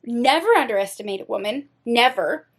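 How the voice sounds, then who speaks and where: Young female book vlogger, high-pitched, expressive and dramatic, casual swearing. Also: fairly quick. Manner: animated, dramatic, swears freely. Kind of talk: casual reading vlog chat.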